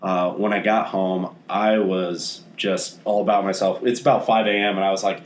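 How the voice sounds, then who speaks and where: A man co-hosting a podcast, telling a story in a relaxed, matter-of-fact way. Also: low voice, normal speed, slight background noise. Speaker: podcast co-host. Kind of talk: casual storytelling. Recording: echoey room.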